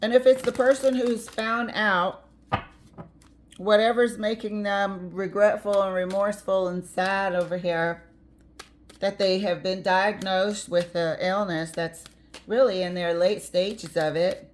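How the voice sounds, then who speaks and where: A woman's voice: medium pitch, steady tone, a little slow, a little hiss or hum. A woman giving a casual tarot reading, chatty and blunt, with the odd swear word and easy laughter. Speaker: tarot reader.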